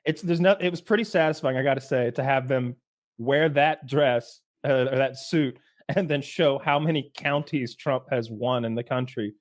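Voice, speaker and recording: A man co-hosting a podcast in loose, rambling casual chat, joking as he goes. His voice sits in a middle pitch with nothing unusual to it. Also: normal speed. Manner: rambling, joking, mimics people he quotes. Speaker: podcast co-host.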